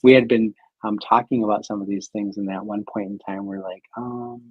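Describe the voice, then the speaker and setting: Husky-voiced man telling a rambling story. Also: fairly low pitch, fairly even intonation, a little fast, no echo, lo-fi sound. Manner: laughs often while telling stories, rambling with many fillers. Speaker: guest, clinic doctor. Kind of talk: casual storytelling conversation.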